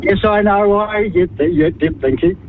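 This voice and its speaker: A man in his fifties with a New Zealand accent, calling in to a radio show and speaking bluntly, with halting restarts. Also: high-pitched. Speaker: caller. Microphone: phone. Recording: tinny phone line with faint noise.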